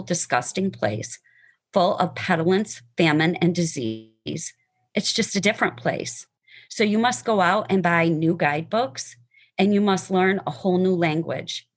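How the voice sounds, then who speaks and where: Speaking in a lowish voice, a woman gives her personal testimony and then recites a poem. Her delivery is emotional and sincere, with the occasional stumble.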